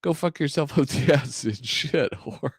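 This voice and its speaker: A man's voice: fairly high pitch, a little slow, slightly rough, no echo, studio quality, pitched above the performer's own voice. A man reading aloud and voicing a brash, foul-mouthed young male comic-strip troublemaker, crude and gleeful.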